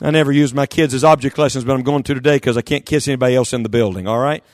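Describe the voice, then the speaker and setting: A man preaching a sermon in church, impassioned, swinging from quick asides to loud, drawn-out calls. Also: mid-range voice, no echo, studio quality. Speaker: pastor. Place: church service.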